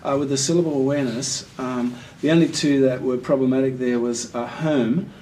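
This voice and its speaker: Male tutor, mellow tone, encouraging and patient, mic set back with faint room hum. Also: medium pitch, fairly even intonation, a little fast. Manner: patient, encouraging, explains step by step. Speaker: literacy tutor giving assessment feedback. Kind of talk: one-on-one feedback session. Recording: voice picked up from a distance with faint room noise.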